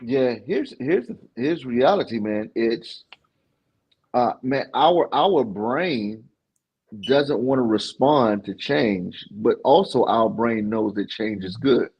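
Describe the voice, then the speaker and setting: A man's voice: mid-range voice, lively intonation, slow pace, vocal fry, breathy edge, muffled recording. A man co-hosting a casual podcast chat, laid-back and calling people man and bro. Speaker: podcast co-host.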